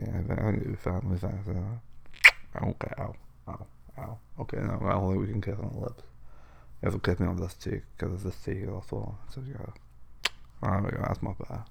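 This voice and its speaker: Slurring deep-voiced man, numb-mouthed. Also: gravelly, dark tone, slightly rough. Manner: slurred, mumbling speech from a numb tongue; whiny, complaining. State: numb, swollen mouth after dental work. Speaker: boyfriend talking to partner. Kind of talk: boyfriend role-play monologue.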